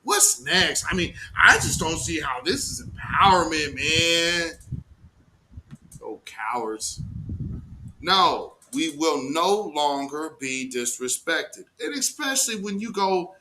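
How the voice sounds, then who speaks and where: Male commentary host, fairly high voice, bright and tense, heated and profane. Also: sing-song, slow pace, slight background noise, low-quality recording. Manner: heated, mocking, slangy, profane. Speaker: live-stream host. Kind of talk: live news commentary.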